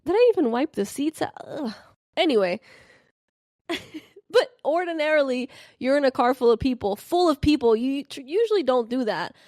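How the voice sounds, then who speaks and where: A young adult woman hosting a casual podcast, telling gossip and stories animatedly and acting out quotes with big jumps in pitch. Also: lively intonation, moderate pace, a little mellow, dry recording, clean studio sound. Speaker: podcast host. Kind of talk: casual chat about reality TV and celebrity gossip.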